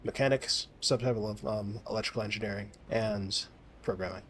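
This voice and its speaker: Fast-talking rambling man. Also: fairly low pitch, steady tone, fairly bright tone, a little hiss or hum. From United States. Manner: rambling, profane, many restarts and fillers. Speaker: gaming vlogger. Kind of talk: casual rambling monologue while gaming.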